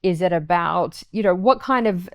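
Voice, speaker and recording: A woman interviewer asking long, searching questions, pausing and restarting as she forms them. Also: on the low side, animated. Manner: hesitant, restarts while forming questions.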